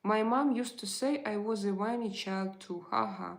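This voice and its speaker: A woman, chatting frankly on a live stream and answering viewer comments, halting often to restart her sentences. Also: mid-range voice, vocal fry. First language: Russian.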